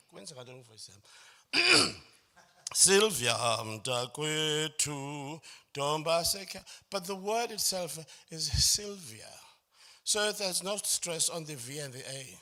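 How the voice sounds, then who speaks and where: A man with a high, expressive voice speaks slowly, his tone pushed and bright. He runs a choral music workshop, delivering a lecture that breaks phrasing down step by step, often checking "does it make sense?" and singing or humming short lines to demonstrate.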